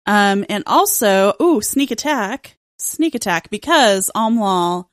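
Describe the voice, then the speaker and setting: A woman playing a tabletop game, counting dice and describing her attack in an unhurried, casual way. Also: medium pitch, lively intonation, dry recording, clean studio sound.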